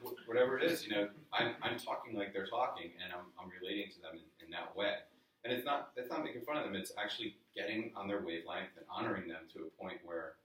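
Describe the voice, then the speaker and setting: A man's voice: fairly low pitch, heavy background noise. A man from the New York area leading a live sales training workshop, speaking casually and asking the room questions. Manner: conversational coaching, asks the room questions. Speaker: workshop presenter. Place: office meeting room with a live audience. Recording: very echoey room, voice from a distance.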